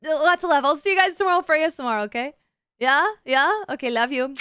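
High pitched woman streamer goofing around w chat, swears a ton, super dry close sound. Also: a little fast, fairly bright tone, dry recording. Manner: playful, crude, swears a lot, teases chat. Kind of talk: casual live-stream chat.

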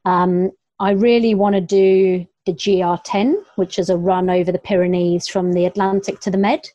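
A woman's voice: medium pitch, fairly even intonation, moderate pace, warm tone, dry recording. A young adult woman, a long-distance runner, chatting casually in an interview, laughing often and quoting herself. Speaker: ultrarunner guest.

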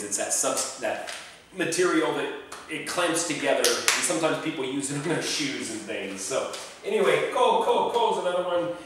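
A man's voice: medium pitch, a bit bright, distant mic. A man talks through a casual lesson, drawing out each name he teaches. He sits back from the mic in a very echoey room, and a faint hiss runs underneath. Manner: chatty, pronounces names slowly and repeats them. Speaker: travel tips presenter. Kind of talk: casual explanatory talk.

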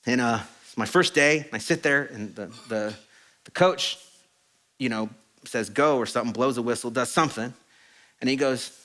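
A middle-aged man preaching a sermon as a pastor, telling stories in an animated, self-deprecating way. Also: medium pitch, normal speed. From Mexican heritage. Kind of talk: storytelling sermon. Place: church auditorium.

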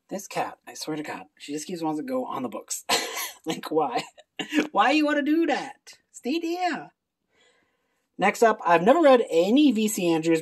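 A book video creator chatting casually through a reading list, talking in an animated way with many quick asides. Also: mid-range voice, vocal fry, breathy edge.

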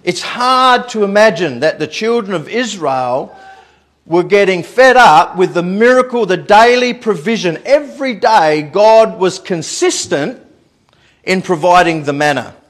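A male pastor delivers a sermon in a church with a noticeably high voice. He talks in an animated way, repeats words as he gathers his thoughts, and chuckles through his own anecdotes. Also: a little slow. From Australia.

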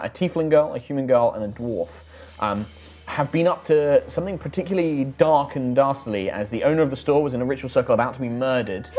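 A man narrating as a tabletop game master, laid-back and full of fillers. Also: medium pitch.

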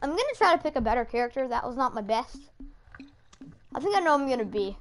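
A high-pitched woman chatters excitedly through a gaming session, laughing and reacting as she plays. The recording is noisy, with a steady clicking in the background. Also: fast. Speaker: gamer. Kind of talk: casual gaming commentary.

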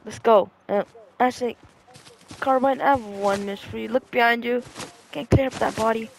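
A man's voice: very high-pitched, steady tone, moderate pace, gravelly, a little hiss or hum. A man hosting a goofy game roleplay, joking, laughing and apologizing to his robot sidekick. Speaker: gaming roleplay host. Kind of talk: casual game roleplay narration.

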